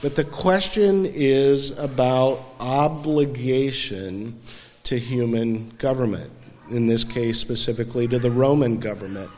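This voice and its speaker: Male pastor, unhurried and conversational, church sanctuary with long reverb. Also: medium pitch, darkish tone. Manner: conversational, asks the congregation questions. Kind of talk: sermon.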